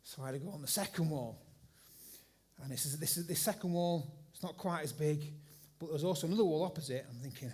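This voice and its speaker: Middle-aged preacher, high-voiced, animated storyteller who restarts a lot. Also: male voice, fast talker, breathy edge. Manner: animated, rambling anecdote with repeated restarts. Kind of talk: sermon story. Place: church hall with congregation.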